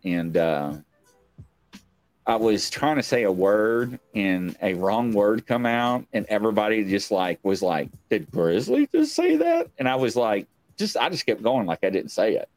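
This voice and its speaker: A livestream talk show host on his home stream set chats in a loose, rambling way, joking and poking fun at himself. He has a lowish voice and a measured pace, with no room sound and soft music in the background.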